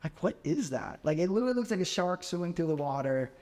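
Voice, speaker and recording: A man in his twenties, guesting on a podcast, tells a story casually and animatedly, saying "like" constantly. His voice is a little high and fast, with a big-room sound.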